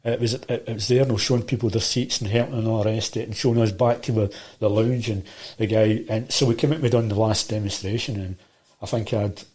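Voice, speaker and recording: A man's voice: lowish voice, fairly even intonation, fast talker, a little mellow. A middle-aged man with a Glaswegian accent, telling rambling stories in casual conversation, full of restarts and quoted dialogue. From Scotland. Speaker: guest, martial arts teacher. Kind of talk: casual storytelling.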